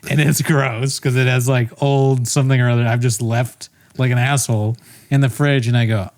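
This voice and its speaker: A young man rambles through a funny story on a casual podcast, swearing freely and laughing at his own blunders. His voice sits at an average pitch and sounds dry and close, with almost no room around it. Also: flat delivery, normal speed, a little mellow, no room sound. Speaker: podcast co-host. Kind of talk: casual comedic podcast chat.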